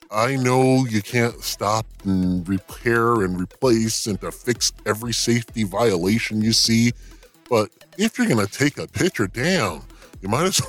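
A man guest-hosting a podcast, talking casually and ranting bluntly with profanity and laughing asides. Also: fairly low pitch. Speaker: guest host. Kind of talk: casual podcast monologue and rant.

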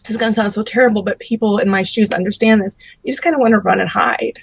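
A woman guest sharing her testimony as a mother, earnest and halting with many ums. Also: medium pitch, vocal fry, slightly rough, dry recording. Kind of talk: faith testimony in an interview. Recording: dry, dull lo-fi sound.

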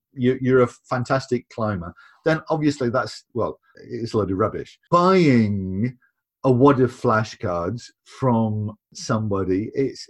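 A man speaking as a podcast guest in casual conversation, emphatic, and repeating words when he presses a point. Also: medium pitch.

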